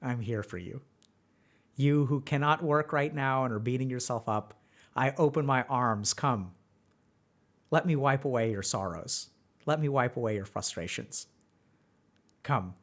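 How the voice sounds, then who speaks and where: A man voicing a video site as a personified, seductive lover who coaxes the listener home in a low, hushed, tender croon. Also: a little slow, pauses often.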